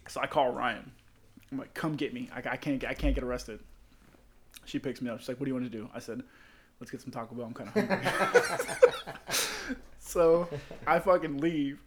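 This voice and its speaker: A man's voice: medium pitch, a little fast, background noise. A young man telling rambling, profane stories to friends in a casual chat, laughing at his own jokes.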